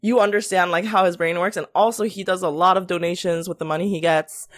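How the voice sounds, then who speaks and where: Her voice is lowish and steady in tone, and she talks fast. She's a young podcast co-host on a relaxed show, spinning stories full of "like," performing other people's lines, and laughing often.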